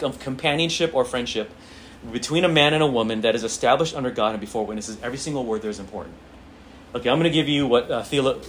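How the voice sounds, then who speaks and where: A man leads a church Bible class, reading scripture aloud and explaining it in a loose, conversational way. He repeats phrases, restarts sentences and keeps checking in with his listeners. Faint background noise sits under his voice. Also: medium pitch.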